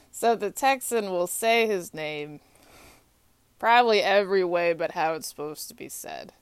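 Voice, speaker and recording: Slow-talking woman, rambling casual monologue. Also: on the low side, clear, resonant tone, dry recording. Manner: rambling and repetitive, with frequent filler pauses. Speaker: hockey fan.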